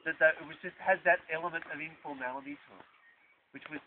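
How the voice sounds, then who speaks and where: A man's voice: on the high side, fast talker. A man guiding a group outdoors, telling stories and acting out quotes. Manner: animated storyteller, acts out quotes. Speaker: tour guide. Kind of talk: outdoor guided tour talk. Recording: tinny, lo-fi with loud noise.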